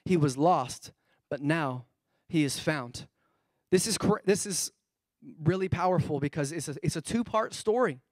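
A man in his thirties preaching a sermon as a pastor, animated, asking the congregation questions and acting out characters' lines. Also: fairly high pitch, measured pace, dry recording, clean studio sound. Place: church.

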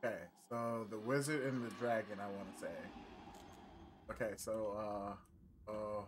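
A man's voice: lowish voice, moderate pace, heavy background noise. A man streaming a horror game, reacting nervously, swearing and talking back to the characters. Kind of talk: casual live gameplay commentary. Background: game music.

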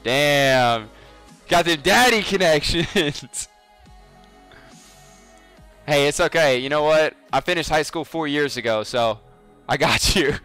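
A man's voice: medium pitch, slow pace, long pauses, a bit bright, clear, resonant tone, faint music behind. A man in his twenties chatting casually on a game livestream, swearing freely, teasing his viewers and laughing often. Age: 20s. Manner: joking, profane, laughs often. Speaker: game streamer.

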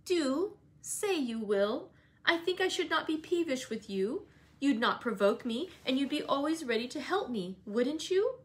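A woman's voice: high-pitched, sing-song, unhurried, voice pushed up. A whining, sickly teenage boy, as a woman reads him aloud, with a raised, thin voice. He pleads one moment and taunts spitefully the next, peevish throughout. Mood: pleading.

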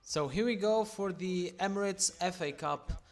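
Give me an excitable, swearing young man with a high voice. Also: moderate pace. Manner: excitable, swears constantly, shouts at big moments. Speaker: gaming commentator. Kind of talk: casual gameplay commentary.

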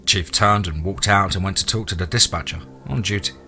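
Low bright-voiced male storyteller. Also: a little fast. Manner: steady storytelling. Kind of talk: reading a horror story aloud. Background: faint music.

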